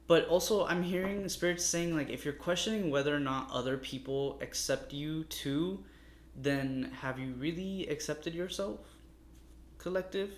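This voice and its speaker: A man's voice: on the high side, moderate pace. A man giving a casual, meandering tarot reading, talking straight to his viewers and sounding a little exasperated. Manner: chatty, meandering, addresses viewers warmly as loves. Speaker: tarot reader. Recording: echoey room with faint noise.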